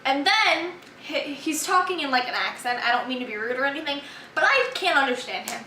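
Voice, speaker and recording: High bright-voiced teenage girl vlogging. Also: animated, a little fast, slight background noise. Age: teens. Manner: chatty, exasperated, rambling. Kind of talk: storytime vlog. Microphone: camera held by a friend. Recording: echoey room from far off.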